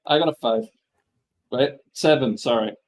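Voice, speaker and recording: A man's voice: medium pitch, normal speed. A man playing in a tabletop game over a voice call, casual and teasing, joking with the others. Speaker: player. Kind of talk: casual chat at the gaming table.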